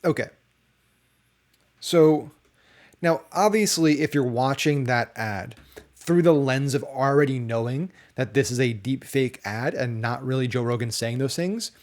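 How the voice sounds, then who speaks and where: A man's voice: mid-range voice, measured pace, a little mellow. Chatty male marketing host. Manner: conversational, leans on rhetorical "right?" checks. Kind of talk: casual talking-head commentary.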